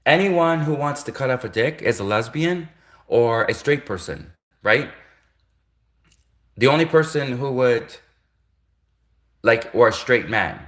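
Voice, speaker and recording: A man's voice: mid-range voice, lively intonation, a little slow, long pauses, a bit bright. A man ranting on a casual livestream, rambling and repeating himself, with frequent restarts and chuckles, in an echoey room. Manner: rambling, repetitive, with frequent self-corrections and chuckles. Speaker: livestream host.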